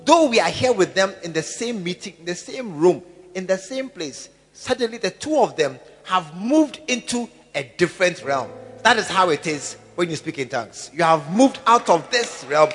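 A man's voice: high voice, very animated, normal speed, a bit bright, breathy edge. A man preaching a sermon in a church hall, acting out phone calls and prayers. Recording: music and long hall reverb.

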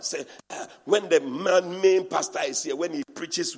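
A man preaches with a husky, somewhat high voice, swinging between hushed asides and loud bursts as he teases and mimics church talk. His words ring out with a long reverb, as though he is preaching in a large church hall. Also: unhurried. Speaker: pastor. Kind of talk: sermon.

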